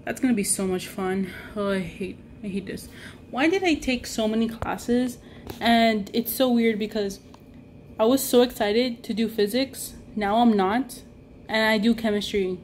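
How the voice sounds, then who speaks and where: A woman's voice: on the high side, a little slow, darkish tone, slight background noise. A young adult woman vlogging in a casual, rambling way, exasperated and full of "like". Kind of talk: casual vlog chat.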